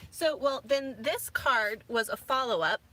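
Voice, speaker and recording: A woman's voice: a little high, expressive, unhurried, pushed and bright. A woman in her thirties, rambling casually with many fillers as a vlogger from inside her camper van. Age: 30s. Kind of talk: casual chat.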